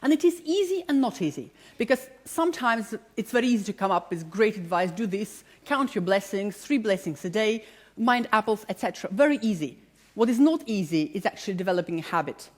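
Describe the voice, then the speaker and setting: In a large public hall, a positive psychology lecturer in her forties gives an enthusiastic, self-deprecating talk, addressing the live audience directly. Her mid-range voice is fairly quick with lively intonation, and her non-native English has a slight British tinge.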